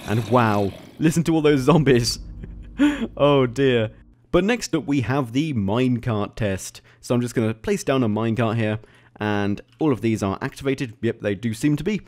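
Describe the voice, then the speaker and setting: A man at a middling pitch talks through a video game showcase in a loose, casual way. He is chatty and easily excited, and he often breaks into laughter. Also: normal speed. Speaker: YouTube gaming host. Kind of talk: casual gameplay commentary.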